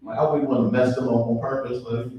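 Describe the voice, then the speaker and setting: A young man performing a stand-up comedy set, chatty and relaxed, with ums and asides to the audience. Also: mid-range voice, fast talker, muffled recording. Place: live comedy show in a venue. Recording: distant, very echoey room mic with faint noise.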